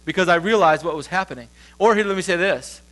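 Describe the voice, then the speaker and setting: A male pastor giving a sermon in a conversational, storytelling way, with quick shifts as he acts out the voices of others. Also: fairly bright tone. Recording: low mains hum.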